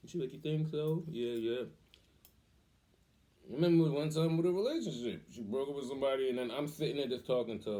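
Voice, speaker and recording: Middle-aged man, dark mellow tone, casual animated storytelling, acts out quotes. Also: mid-range voice, a little fast. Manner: animated, acts out quoted voices, laughs often. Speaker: vlogger, father.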